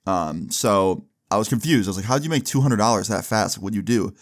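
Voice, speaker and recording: A young man casually telling a long personal story, slangy and animated, acting out both sides of phone calls. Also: lowish voice, a little fast.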